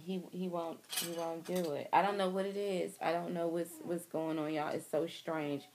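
Low-voiced woman pouring her heart out. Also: flat delivery, moderate pace, darkish tone, slight background noise. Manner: candid, emotional, addresses viewers as y'all. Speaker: vlogger. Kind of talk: personal video diary. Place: outdoors.

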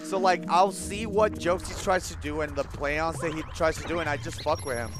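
A man chatting casually while he streams a video game, telling stories in an animated, profane way. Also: a little high, moderate pace. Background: game music.

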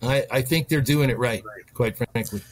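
A man's voice: mid-range voice, normal speed. A middle-aged man, a wine specialist, chatting as a guest and telling long anecdotes, with frequent restarts. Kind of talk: storytelling interview chat.

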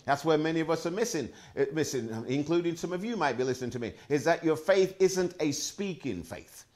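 A male pastor preaching a sermon, working through Scripture references with an emphatic, animated delivery and frequent exclamations of praise. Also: a little high, fairly quick.

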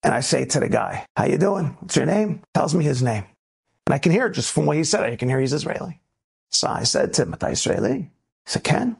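A man from the United States, a rabbi, giving an inspirational talk that moves between lively storytelling and emphatic preaching. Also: a little fast, vocal fry, husky. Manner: animated storyteller, swings between low asides and emphatic preaching.

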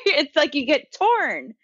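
A woman's voice: high voice, wildly swooping pitch, takes it slowly, a bit bright, no echo, lo-fi sound. A woman hosting a podcast, chatting in an easygoing, slangy way. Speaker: podcast host. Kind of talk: casual chat.

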